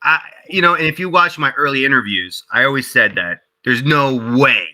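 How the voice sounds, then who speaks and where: A man being interviewed about game development, telling stories in a casual, animated way, full of "like" and "you know", and acting out what others said in a raised voice. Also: normal speed, rough recording. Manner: animated storyteller who acts out quotes in a higher voice; heavy use of "like" and "you know".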